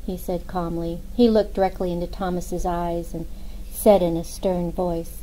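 A woman narrating a novel in a steady, even storytelling manner. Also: fairly low pitch, normal speed, rough recording. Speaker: audiobook narrator. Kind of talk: scripted narration.

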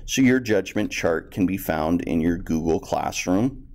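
Deep-voiced guy teacher reading a school story out loud, plain and explanatory. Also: expressive, unhurried. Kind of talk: reading a textbook story aloud for students.

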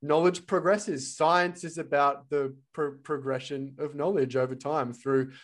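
A man hosting a podcast, talking in an emphatic, animated and lecturing way during a casual conversation. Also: a little high. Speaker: podcast host, physiotherapist.

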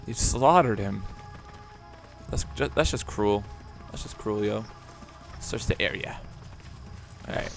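Excitable profane young gamer. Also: male voice, fairly low pitch, takes it slowly, gravelly, long pauses, soft background music. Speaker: let's play gamer. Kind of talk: casual gameplay commentary.

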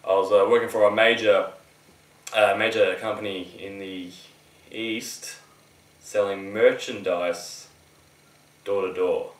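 A man telling his story haltingly and with self-importance in a mockumentary interview. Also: on the low side, steady tone. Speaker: housemate. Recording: roomy, distant mic.

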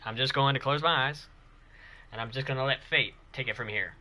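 A man streaming a video game live, chatting casually and excitedly with his viewers and cheering himself on. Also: medium pitch, a little fast. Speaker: gaming streamer.

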